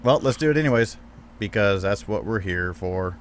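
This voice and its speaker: A man's voice: fairly low pitch, animated, normal speed, a little hiss or hum. A man hosting a casual podcast chat, teasing his guests, laughing often and swearing freely. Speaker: podcast host.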